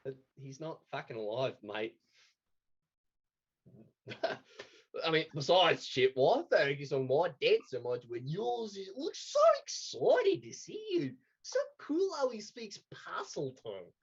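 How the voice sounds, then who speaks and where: A woman's voice: deep voice, sing-song, unhurried, slightly rough, dull audio, exaggerated voice. A woman playing a brash, crude young Australian man with a mock Australian accent. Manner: brash, sweary, laughing.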